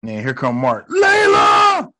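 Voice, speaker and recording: A man giving casual reaction commentary on a show, excitable and profane, full of slang, sometimes acting out lines. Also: fairly high pitch, normal speed. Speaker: reaction video host.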